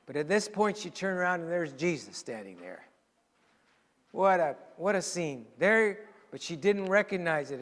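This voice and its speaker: A man preaching with a fairly high voice, telling stories and dropping to a near-whisper for weight. His words ring out with a long reverb, as in a large church hall. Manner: storytelling, dramatic shifts to a hushed voice for emphasis. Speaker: pastor. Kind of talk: sermon.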